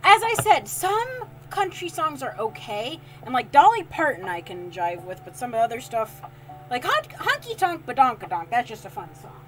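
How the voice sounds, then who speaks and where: Lively chatty woman streamer over lofi music. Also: fairly high pitch. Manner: chatty, laughs often, reads chat aloud. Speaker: livestreamer making soap. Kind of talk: casual livestream chat. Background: lofi music playing.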